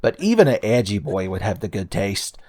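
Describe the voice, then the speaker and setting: A very animated man in his thirties with a lowish, mellow voice speaks fairly quickly as he commentates casually on gameplay for his let's play. He peppers it with sarcastic, jokey and profane asides over faint game music.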